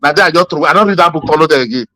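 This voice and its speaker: A Nigerian-accented man talks politics in a loose, rambling way, one story spilling into the next with plenty of "uh" and "you understand". His voice is bright and forceful and sits a little high for a man. The sound is close and dry. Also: very fast, dry recording. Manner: rambling, animated storytelling with many fillers. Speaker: podcast co-host. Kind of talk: casual political chat.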